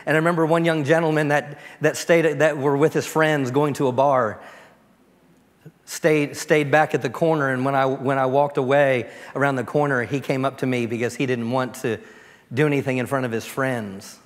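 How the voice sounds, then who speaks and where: A pastor giving a storytelling sermon, dropping to a soft, quiet voice when he prays. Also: mid-range voice, level tone, normal speed. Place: church sanctuary. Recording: long church reverb.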